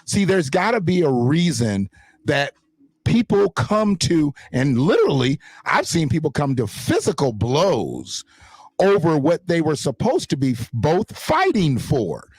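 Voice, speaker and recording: A man rants on his livestream in a profane, emphatic way, his voice leaping up and down in a lively, slightly high register. The sound is dry and close, with no room echo. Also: measured pace, slightly rough. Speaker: livestream host. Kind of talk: heated unscripted livestream rant. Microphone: desktop streaming mic in front of a green screen.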